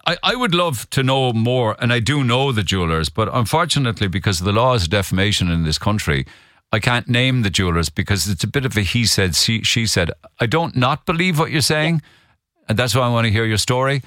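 A man's voice: medium pitch, brisk, dry recording, clean studio sound. A man hosting a radio phone-in, chatty with frequent restarts. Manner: chatty, hesitant restarts, lively delivery. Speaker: radio talk show host.

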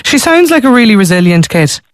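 High-voiced Irish radio host. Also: male voice, sing-song, a little fast, no room sound. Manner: warm, encouraging interviewer with frequent fillers. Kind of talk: radio call-in presenting.

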